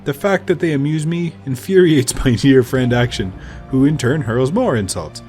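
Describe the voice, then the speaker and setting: Man doing a huge jolly game character, booming, slow and grand, lively swinging pitch. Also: faint music behind, natural voice. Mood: jovial. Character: huge jovial man, booming, amused by insults.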